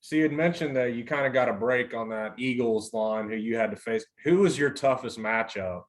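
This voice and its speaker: A male co-host puts short, plain questions to his guest in a relaxed chat. His pitch sits right in the everyday middle for a man. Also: a little fast. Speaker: co-host, interviewer. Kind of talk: casual chat.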